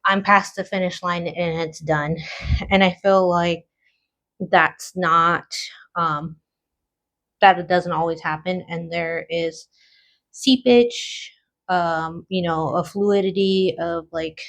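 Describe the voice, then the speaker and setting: A woman giving a casual tarot card reading, thinking aloud slowly with lots of fillers and pauses. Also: fairly low pitch, steady tone, fairly bright tone. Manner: slow, musing, thinking aloud with many fillers. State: has the hiccups.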